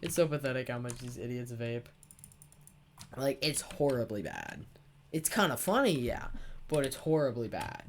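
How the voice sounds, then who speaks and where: A man's voice: medium pitch, huge pitch swings, moderate pace, gravelly, a little hiss or hum. A teenage boy hosting a gaming video, telling a rambling, sarcastic story full of swearing while he plays. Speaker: gaming channel host. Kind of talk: casual storytelling over gameplay.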